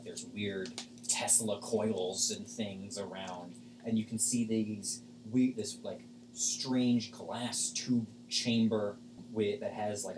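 Low-voiced man narrating as game master. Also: background noise. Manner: casual, rambling, many fillers. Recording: echoey room, far from mic.

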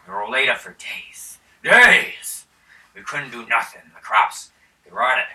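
A man's voice: mid-range voice, very animated, a little slow, bright, forceful tone, far from the mic, pitched above the performer's own voice, exaggerated voice. A man voicing a wounded, whimpering male peasant who moans as he tells a fearful story in a tabletop game. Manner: moaning, fearful.

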